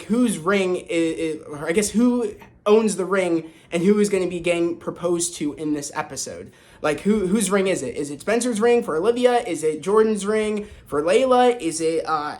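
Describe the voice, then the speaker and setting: A man giving a casual, rambling spoken review of a TV episode, full of fillers and restarts and excited about the plot. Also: sits high. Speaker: TV show reviewer.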